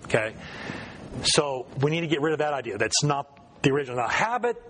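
A man's voice: fairly high pitch, sing-song, brisk, a bit bright. Conversational man leading a Bible class. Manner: conversational, questions the group, self-correcting. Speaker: Bible study teacher. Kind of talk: informal Bible class teaching.

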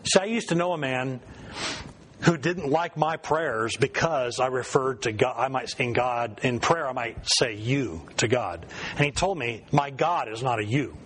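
A man's voice: medium pitch, unhurried, fairly bright tone, a little hiss or hum. A man teaching an informal Bible study class in a conversational way, quizzing the group and often correcting himself mid-sentence.

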